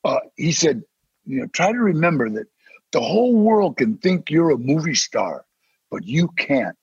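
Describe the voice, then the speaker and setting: An older man, a podcast guest, telling animated stories in a casual interview and acting out the voices he quotes. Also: fairly high pitch, normal speed, no echo. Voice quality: gravelly, husky. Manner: animated, acts out quoted voices, growls threats. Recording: dry, slightly dull sound.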